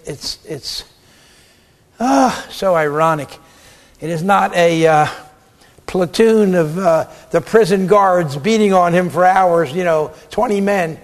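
Emphatic, lively male preacher in a hall. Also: on the high side. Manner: emphatic, lively, acts out quotes. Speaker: preacher and theologian. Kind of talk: sermon. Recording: long reverb of a hall.

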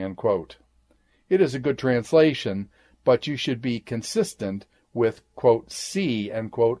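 Male Bible teacher, mid pitch, measured lecture delivery with spoken quote marks. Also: darkish tone. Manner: measured, says "quote" and "end quote" around citations. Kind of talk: lecture reading scripture.

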